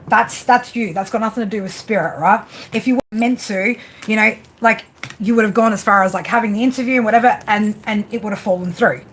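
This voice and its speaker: A rough recording with a little hiss or hum captures a woman of medium pitch and fairly bright tone doing a live tarot reading. As a tarot reader she's casual and blunt, repeats herself, and punctuates points with "right?" She swears but sounds fond of her listener.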